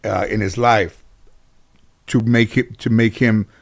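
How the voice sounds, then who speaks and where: A man's voice: fairly low pitch, fairly even intonation, takes it slowly, creaky. A middle-aged man, a guest in an interview, telling casual stories in a rambling way full of "you know". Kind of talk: casual storytelling.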